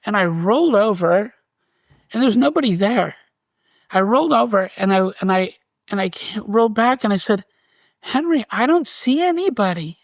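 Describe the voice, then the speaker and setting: A man as an interview guest, telling a personal story in a casual, animated way, with restarts and quick laughs. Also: high voice, creaky, dry recording.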